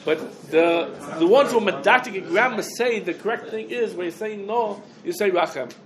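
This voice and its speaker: A man's voice: high-pitched, moderate pace, a crowd in the background. A man teaching a Torah lesson on prayer wording, thinking aloud and mixing Hebrew and Yiddish terms into his English. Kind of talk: halachic lecture.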